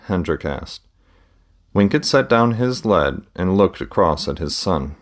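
A man narrating his own book as a podcast in a calm, steady, plain reading voice. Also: sits low, moderate pace. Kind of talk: audiobook narration.

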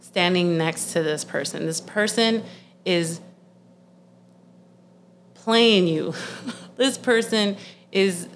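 A woman in her thirties, with a medium-pitched voice and a bit of hiss or hum in the audio, delivers a ranting monologue. She's blunt, profane and exasperated, speeding up in heated bursts.

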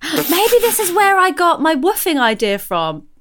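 A woman's voice: extremely high pitch, big pitch swings, unhurried, a bit bright. Lady co-hosting a pod, giggly and playful, voice bounces around a lot. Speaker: podcast host. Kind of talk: casual chat.

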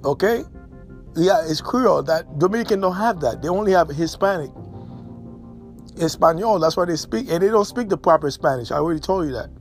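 Blunt high-voiced man, faint music. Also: expressive, a little fast. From Haiti. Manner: blunt, emphatic, repeats himself for stress. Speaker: commentator. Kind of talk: casual monologue. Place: New York and elsewhere in the States.

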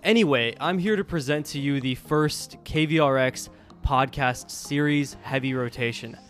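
A man's voice: medium pitch, normal speed, a bit bright. A man who co-hosts a college radio podcast, chatting loosely about music with lots of fillers and restarts. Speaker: college radio sports director and podcast co-host.

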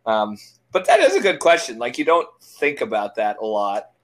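A man hosting a casual podcast chat, joking and rambling, quick to laugh. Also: mid-range voice, huge pitch swings. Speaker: podcast host.

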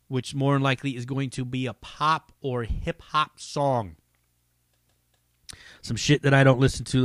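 A man with a fairly high voice hosts his own podcast, rambling casually and swearing constantly as he raves about things he likes. The sound is close and dry, with no room around it. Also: fairly bright tone, no echo. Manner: rambling, heavily profane, enthusiastic. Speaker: podcast host. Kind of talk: casual solo podcast talk.

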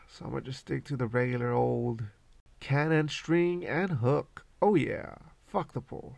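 Gravelly, swearing laid-back podcast host. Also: male voice, mid-range voice, dry recording. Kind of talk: casual rambling monologue.

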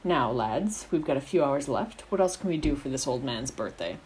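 A woman's voice: a bass voice, lively intonation, moderate pace, a little mellow, a little hiss or hum, low-quality recording. Sirius, a woman voicing a cocky teenage prankster. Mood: teasing. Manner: teasing, theatrical. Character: swaggering mischievous teenage boy wizard.

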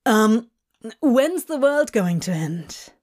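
A woman's voice: a little high, sing-song, takes it slowly, a little mellow, heavily acted. A woman doing a flustered, mumbling young man. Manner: mumbling, hesitant. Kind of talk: fanfic audiobook reading.

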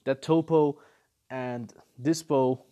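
A man giving casual reaction commentary on a manga chapter, animated and incredulous, firing off rhetorical questions as he rants. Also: medium pitch, slow pace, muffled recording.

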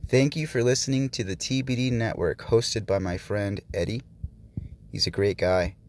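Deep-voiced man with faint hiss. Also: moderate pace, darkish tone. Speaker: guest podcaster reading a promo. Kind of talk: show shout-out.

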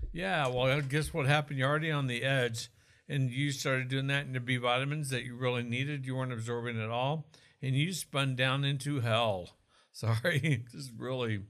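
A man from Oklahoma with a medium, slightly bright voice co-hosts a casual talk about health. He's chatty and explanatory, tossing in asides and jokes and restarting sentences.

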